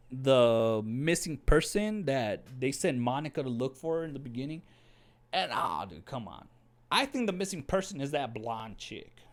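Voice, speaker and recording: A man giving a casual, excitable review of a TV episode, rambling and slangy, often saying "dude". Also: medium pitch. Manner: excitable, with many restarts.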